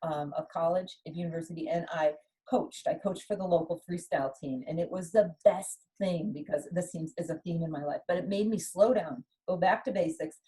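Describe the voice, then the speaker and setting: A middle-aged woman, a former athlete, telling her story in an interview with lively storytelling and acted-out dialogue. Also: lowish voice, a little fast, rough recording. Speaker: guest, former Olympic skier. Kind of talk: conversational interview.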